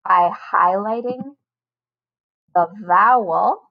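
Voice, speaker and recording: A woman teaching a recorded lesson to first graders, speaking slowly and patiently with careful, stretched-out pronunciation. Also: medium pitch, creaky, muffled recording. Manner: slow, patient, over-enunciated teacher talk. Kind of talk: recorded online lesson for children.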